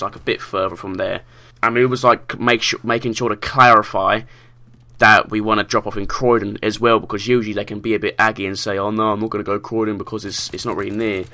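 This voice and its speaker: Young South London guy, slangy and sweary storyteller, lowish bright voice. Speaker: vlogger. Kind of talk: casual storytelling.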